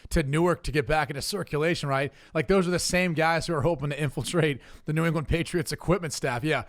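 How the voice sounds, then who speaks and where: Joking former quarterback, fairly high voice. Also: male voice, fast talker. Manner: joking, easygoing banter. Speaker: former NFL quarterback, podcast guest. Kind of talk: casual sports chat.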